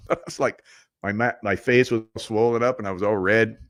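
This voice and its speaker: Middle-aged male host, lowish voice, rambling conspiratorial storyteller who chuckles a lot, close dry recording. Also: steady tone, moderate pace, fairly bright tone, no echo. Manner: rambling, conspiratorial, laughs often. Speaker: podcast host. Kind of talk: casual storytelling monologue.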